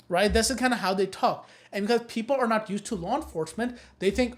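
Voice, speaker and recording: A woman's voice: mid-range voice, quick pace. A woman teaching a recorded know-your-rights course, giving blunt and emphatic advice and repeating her key warnings. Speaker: course instructor.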